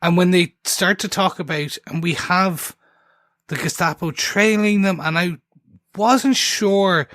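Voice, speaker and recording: A man's voice: sits high, takes it slowly, fairly bright tone, no room sound, clean studio sound. A man hosting a TV recap podcast in casual chat, talking eagerly and jumping between points with many restarts. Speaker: podcast host.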